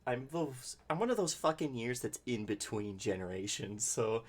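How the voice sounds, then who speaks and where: A man's voice: mid-range voice, expressive, moderate pace, noisy background. A young adult man chatting casually as a player at a tabletop game, rambling and joking, with some profanity.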